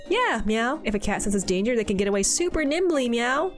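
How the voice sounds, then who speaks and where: A woman's voice: a little high, big pitch swings, brisk, pitched above the performer's own voice. A woman voicing a cheerful, catlike young boy who ends his lines with meow or woof, over faint game music. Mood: playful.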